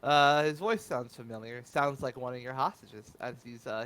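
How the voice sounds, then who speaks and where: A man narrating as game master of a tabletop role-playing game, often pausing with fillers as he describes scenes. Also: mid-range voice, a bit bright. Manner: halting, filler-heavy narration.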